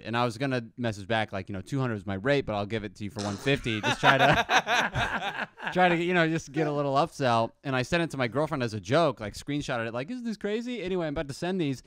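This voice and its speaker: A man's voice: mid-range voice, quick pace, few pauses, a bit bright, clean tone, dry recording, studio quality. A young man, a comedian guest, rambling through self-deprecating stories in casual chat. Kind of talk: casual storytelling.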